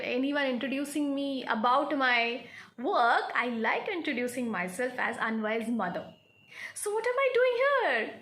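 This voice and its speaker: A woman's voice: high-pitched, fairly bright tone. A middle-aged woman with an Indian English accent interviewing her son in an earnest, encouraging way. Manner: earnest, encouraging, restarts sentences. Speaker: interviewer, mother of the guest. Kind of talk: casual home interview. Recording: echoey room.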